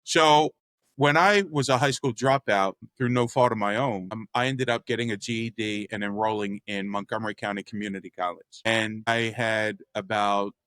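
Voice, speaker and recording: A man's voice: on the low side, moderate pace, no echo. A man from the Philadelphia area, an artist and developer, telling stories candidly and acting out the voices of the people in them. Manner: animated storyteller who acts out quoted voices; candid, uses mild profanity. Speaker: guest, artist and real estate developer. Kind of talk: storytelling in a conversation.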